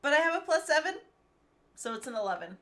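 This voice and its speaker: A woman playing in a tabletop game, excited and chatty. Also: sits high, fast. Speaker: player.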